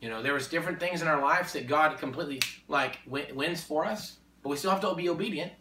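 A man preaching in a conversation, emphatic and repetitive, building to forceful exhortation. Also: on the high side, fast, noisy background. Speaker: Christian speaker. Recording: echoey room, distant mic.

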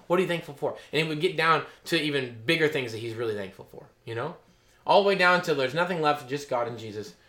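Fast-talking and sharp in tone, a middle-aged pastor with a fairly high voice preaches in an echoey space. He reads verses aloud and riffs on them in loose asides, often asking "okay?" or "you know?"

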